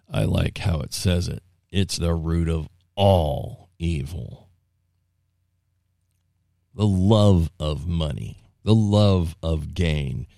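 A man's voice: sits low, mellow, dry recording, clean studio sound. A man preaching informally, retelling a scripture story in his own folksy words, with asides and restarts along the way. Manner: rambling with frequent restarts and asides. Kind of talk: informal Bible teaching.

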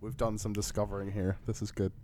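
A man's voice: fairly low pitch, level tone, quick pace, warm tone, a little hiss or hum. A man co-hosting a podcast in casual chat, who talks in a hesitant way, often restarting his sentences and laughing. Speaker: podcast co-host.

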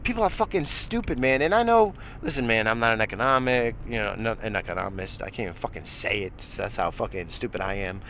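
A man's voice: lowish voice, lively intonation, fast talker, few pauses, a bit bright, slight background noise. A middle-aged man hosting a morning show, ranting heatedly about politics with constant swearing and rambling restarts. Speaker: radio show host. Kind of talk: profane political rant.

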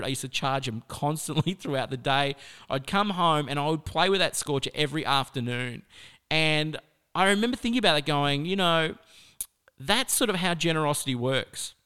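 Smooth-voiced Australian man telling a story. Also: a little high. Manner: chatty, animated, peppered with "like". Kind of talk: personal storytelling talk.

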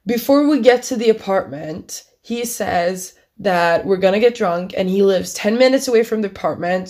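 A woman's voice: mid-range voice, darkish tone. A young woman casually telling a personal story, laughing often and acting out what each person said. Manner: chatty, laughing often, acting out both sides of a conversation.

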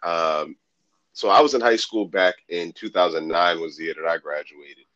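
A man's voice: sits low, moderate pace, fairly bright tone, dull audio. A man in his thirties telling a story in casual chat, easygoing and slangy, laughing often.

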